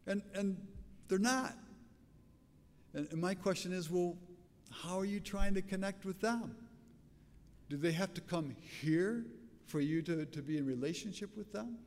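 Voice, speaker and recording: A raspy-voiced older man delivers a sermon in a loose, conversational storytelling manner, often restarting his phrases. His voice sits a little high for a man. The recording carries the long reverb of a church sanctuary. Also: unhurried, pauses often, darkish tone. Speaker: pastor.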